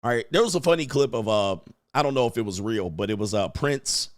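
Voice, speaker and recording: A man with a mid-range voice and lively intonation talks a little fast in a dry, clean studio recording. He's hosting a live stream as a dating coach, rambling crudely, reading out viewer questions and doing mock voices.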